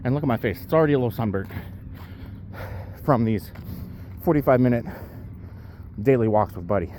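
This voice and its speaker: A powerlifter vlogging his day talks casually into his camera while walking his dog outdoors, a little out of breath from the uphill climb. His mid-range voice is animated, brisk, and mellow, rambling with lots of fillers over slight background noise.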